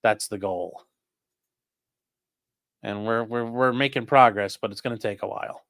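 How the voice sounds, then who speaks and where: A man hosting a livestream, reading out viewer questions and answering them in a rambling, offhand way that often trails off quietly. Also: lowish voice, unhurried, gravelly, no echo, studio quality. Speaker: livestream host reading chat. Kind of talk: casual live chat.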